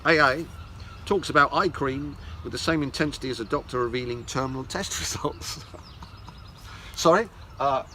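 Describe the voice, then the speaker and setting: Sarcastic man, lively and bright. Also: medium pitch, a little hiss or hum. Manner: sarcastic, scornful asides. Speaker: esoteric teacher. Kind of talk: mocking lecture, reading articles aloud.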